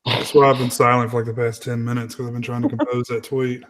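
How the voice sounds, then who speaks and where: A man's voice: mid-range voice, little pitch movement, fast talker. A man chatting casually, laid-back, mostly giving short replies. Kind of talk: casual movie watch-along chat.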